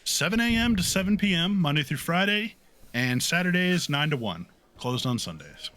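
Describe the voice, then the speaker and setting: Chatty female gnome librarian, high squeaky voice, rambling with fillers, lively lilt, as a male game master puts her on. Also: moderate pace, soft background music.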